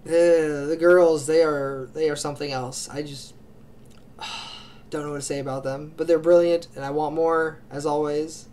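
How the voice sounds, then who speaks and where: A man with a notably high voice talks casually to his channel's viewers. He gushes and rambles through his picks, restarting sentences and leaning on fillers as he goes. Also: fairly even intonation, unhurried, darkish tone. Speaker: anime reaction channel host. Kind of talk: casual spoken ranking of favorite series.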